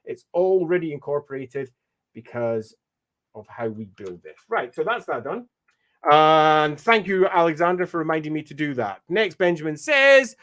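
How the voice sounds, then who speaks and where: A man with a mixed Scottish accent hosting a live stream, thinking aloud as he works and answering viewer comments in a relaxed way. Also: fairly high pitch, moderate pace. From Scotland. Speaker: stream host and mapmaker. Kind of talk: live-stream commentary while drawing a map.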